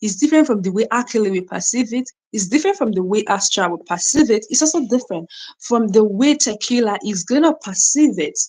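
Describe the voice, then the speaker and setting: With a slightly high, expressive, mellow voice, a young woman from Nigeria talks a little fast on her casual live stream. She greets viewers by name, reads their comments, and keeps checking in with "right?" and "you know", though the audio is poor.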